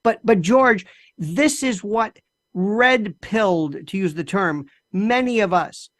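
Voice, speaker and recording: A man's voice: high-pitched, slow, fairly bright tone. A man from the United States, a guest commentator on a talk show, effusive and wordy, stacking synonyms.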